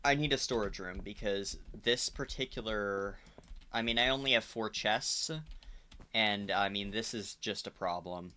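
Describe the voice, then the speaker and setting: A man's voice: lowish voice, a little slow, sharp tone, smooth. A man casually commenting as he plays through a sandbox game, rambling and blurting out profanity. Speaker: let's play host.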